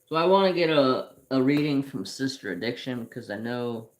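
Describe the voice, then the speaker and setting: A man's voice: mid-range voice, lively intonation. A man hosting a craft channel, telling rambling personal stories in casual chat while he paints at home. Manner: slow, rambling storytelling with restarts.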